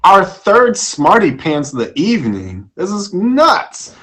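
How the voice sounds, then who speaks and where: A man's voice: high-pitched, wildly swooping pitch, slow pace, a bit bright. A young man hosting a casual live-stream talk show, jokey and self-deprecating, stumbling over words as his voice cracks.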